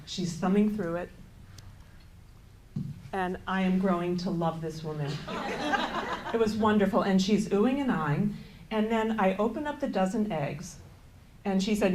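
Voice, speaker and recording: A woman's voice: mid-range voice, a little mellow, a little hiss or hum, rough recording. A woman from the United States giving a keynote speech, telling a story with wry, self-mocking asides and quoting her own thoughts. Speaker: keynote speaker. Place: event hall.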